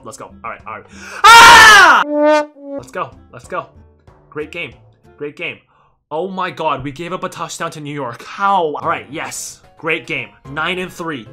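A young man giving excited commentary over a football video game, yelling at his players and joking with viewers. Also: on the high side, a little fast, soft background music. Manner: hyped, yells at players, jokes to viewers. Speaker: gaming YouTuber.

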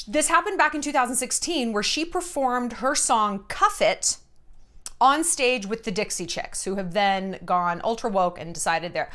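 A woman's voice: on the high side, animated, normal speed, pushed and bright. A woman in her thirties hosting a casual vlog from home, talking bluntly and putting on an exaggerated Texas drawl. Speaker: vlogger host. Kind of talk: casual to-camera commentary.

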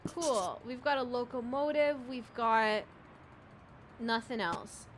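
A woman's voice: a little high, slow pace, slight background noise. A woman streamer giving casual commentary as she plays, chatty and swearing as she thinks aloud. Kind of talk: gameplay commentary. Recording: loud game music under the voice.

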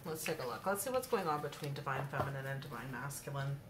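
A woman's voice: rumbling low, lively intonation, quick pace. A woman giving a casual tarot reading in a chatty way, talking straight to her viewers and breaking into laughter. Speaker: tarot card reader. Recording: echoey room with clear background noise.

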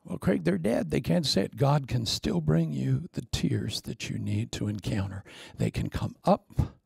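A middle-aged man preaching a sermon, telling stories in an animated way. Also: mid-range voice, unhurried, creaky, slightly rough, dry recording.

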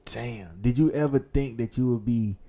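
A man hosting a casual interview, asking loud, emphatic questions. He sounds farther from the mic. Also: mid-range voice, moderate pace. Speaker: interview host.

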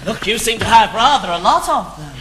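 A man's voice: high-pitched, brisk, background noise. An actor playing a posh, naive, bookish teenage boy in a stage musical, with an earnest and eager way of talking and singing. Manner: earnest and eager, animated sing-song delivery. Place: theatre stage. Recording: distant live theatre recording with music.

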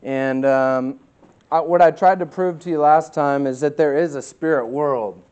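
A man pastor teaching a Bible study in a casual, conversational way, with many fillers and lively bursts of emphasis. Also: fairly high pitch, unhurried, clear, resonant tone. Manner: conversational, many fillers, reads scripture aloud; animated, acts out voices with bursts of emphasis.

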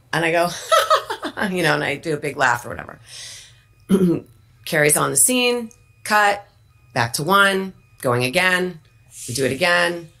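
A woman telling an animated personal anecdote as a guest, acting out the moments as she goes. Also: deep voice. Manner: vivid anecdote telling with acted-out quotes. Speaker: actress guest. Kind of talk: animated storytelling.

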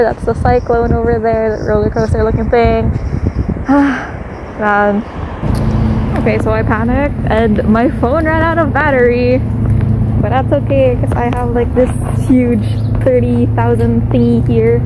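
Young woman, casual self-filmed vlog, slightly high voice, chatty and self-deprecating, clear traffic and street noise behind. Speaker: vlogger. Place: outdoors and on transit around a city.

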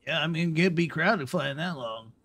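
A man voicing a dim-witted young bro character in a roleplay game, rambling and halting, calling everyone bro and man. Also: a little high, animated, fairly bright tone, slightly rough, heavily acted. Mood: dopey rambling. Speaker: roleplay streamer.

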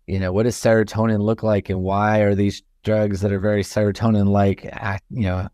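Low, smooth-voiced man explaining calmly. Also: no room sound, studio quality. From Florida. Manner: thoughtful, measured, many fillers. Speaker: guest, chemistry professor. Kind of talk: casual interview talk.

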